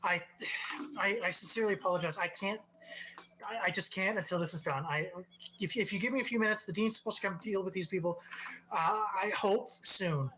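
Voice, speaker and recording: A man's voice: high-pitched, fairly quick, pushed and bright, slight background noise, poor audio. A man voicing a flustered young receptionist who stammers and apologizes over and over.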